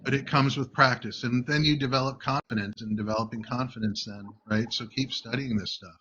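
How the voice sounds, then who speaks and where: Talking a little fast in a steady tone, this American host and communication coach has a medium-pitched voice that sounds pushed and bright. His show's lo-fi audio is dull, and he coaches listeners casually but emphatically, frequently asking "right?".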